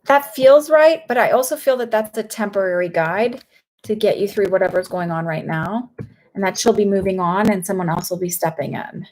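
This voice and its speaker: A woman's voice: medium pitch, a little fast, a little mellow. A woman working as a psychic medium, giving live-stream readings. She reads viewers' questions aloud and answers in a rambling, hesitant way with lots of fillers.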